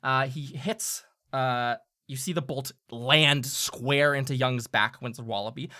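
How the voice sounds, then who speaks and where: Guy gm, bright voice, chill and chatty, lots of laughing. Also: medium pitch, unhurried. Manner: relaxed, chatty, laughs often. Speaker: game master. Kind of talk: narrating a tabletop game.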